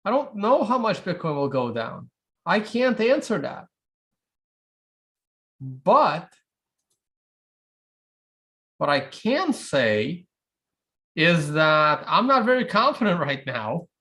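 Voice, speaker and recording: A man's voice: fairly high pitch, very animated, slow pace, pauses often, pushed and bright. A man from Russia hosting a livestream, answering viewer questions in a wry, offhand way and thinking aloud. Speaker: livestream host.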